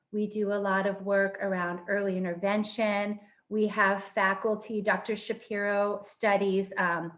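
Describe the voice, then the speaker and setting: A middle-aged woman speaks as a professor in an online webinar, her voice sitting at an ordinary middle pitch. She talks with open enthusiasm and drops frequent ums between thoughts, and the sound comes through a video call. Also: a bit bright. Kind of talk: webinar presentation.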